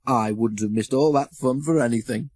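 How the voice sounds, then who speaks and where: A man's voice: medium pitch, moderate pace, a little mellow, no echo, clean studio sound, lightly acted. A man voicing a cheeky, playful male tank engine who teases his friend, in a storybook reading. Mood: teasing. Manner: teasing and mischievous.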